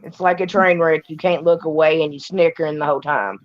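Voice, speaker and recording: A woman's voice: sits low, fairly even intonation, fairly quick. Southern woman from tennessee, folksy dry humor, muffled lo-fi call audio. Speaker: livestream guest. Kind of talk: casual chat.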